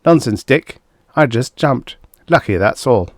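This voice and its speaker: A man's voice: medium pitch, lively intonation, measured pace, no room sound, clean studio sound, voice pushed up. A man reading aloud, voicing a small, wary man who turns eagerly boastful about a secret power. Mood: evasive. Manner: rueful, evasive, then eagerly boastful.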